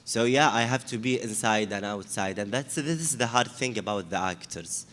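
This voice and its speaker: A man's voice: lowish voice, moderate pace, fairly bright tone. Hesitant man in an echoey hall. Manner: hesitant, many restarts, emphatic. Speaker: actor on a discussion panel. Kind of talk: panel discussion. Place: large hall with audience.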